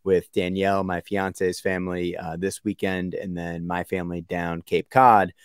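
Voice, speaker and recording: A man's voice: sits low, level tone, normal speed, clean tone, no room sound, studio quality. A man from the Boston area co-hosting a sports podcast, laid-back and rambling with lots of fillers. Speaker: podcast co-host. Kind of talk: casual sports podcast chat.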